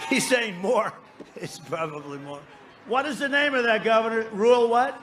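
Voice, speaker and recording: A man's voice: high voice, lively intonation, normal speed, fairly bright tone, slight background noise. A man giving a campaign rally speech, boastful and rambling, bantering with the crowd from the stage. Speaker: political speaker at a rally. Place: outdoor rally before a large crowd.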